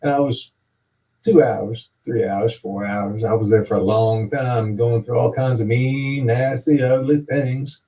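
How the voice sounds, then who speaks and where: A man telling a long, rambling, repetitive spoken-word story that builds up to excited yelling. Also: mid-range voice, unhurried. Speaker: storyteller performing a talking monologue. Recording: distant, dull lo-fi recording.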